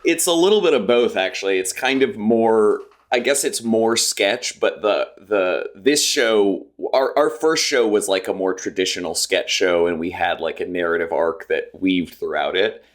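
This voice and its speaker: A man's voice: fairly low pitch, normal speed, few pauses. A man in his thirties, a comedian guest on a podcast, telling stories in casual chat and laughing often. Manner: animated storyteller, laughs often.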